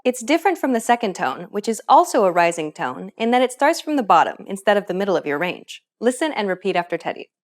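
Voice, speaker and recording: A woman narrating a scripted lesson, explaining pronunciation clearly and step by step. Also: mid-range voice, sing-song, quick pace, hardly any pauses. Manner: clear, instructive. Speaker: pronunciation teacher.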